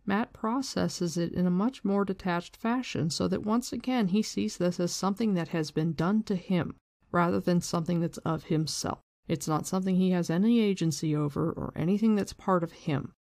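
Book-discussion host, casual and slangy, middle pitch, very dry sound. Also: moderate pace, gravelly, a little mellow, no room sound. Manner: casual, swears, slangy retelling. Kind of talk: casual book discussion with read-aloud passages.

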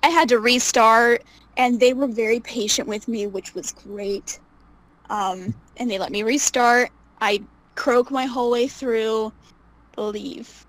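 A young woman telling stories casually as an interview guest, animated, laughing often and acting out what people said. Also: a little high, slow pace, no room sound, low-quality recording. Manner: animated, laughs often, acts out quoted voices. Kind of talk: casual storytelling.

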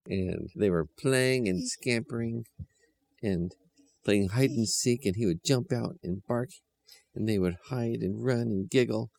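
A man improvising a silly children's story, telling it in a playful, lively way. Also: fairly low pitch, unhurried, creaky. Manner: playful, chuckling, lively delivery.

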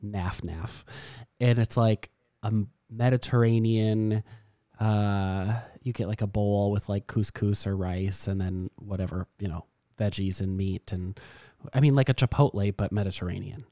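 A young podcast co-host with a lowish voice tells stories in a casual chat at normal speed, animatedly acting out the quotes. The recording is dry and studio quality.

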